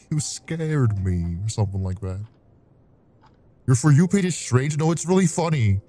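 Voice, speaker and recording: A man's voice: mid-range voice, very animated, normal speed, pauses often, warm tone. A man streaming a game who chats casually, swears and giggles at his own stories.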